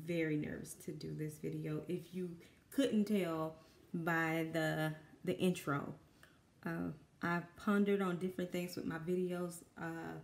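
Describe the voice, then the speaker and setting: Southern woman, low voice, dry and nervous, rambling with lots of ums, echoey home room. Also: a little mellow. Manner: rambling, self-conscious, many fillers. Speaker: artist and mother. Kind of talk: nervous painting vlog. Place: home room with kids in the background.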